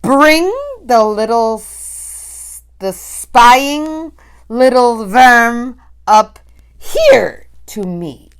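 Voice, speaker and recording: The shrieking Grand High Witch. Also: very slow, smooth. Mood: commanding. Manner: screeching, commanding, high-pitched. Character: shrieking, domineering evil female witch leader.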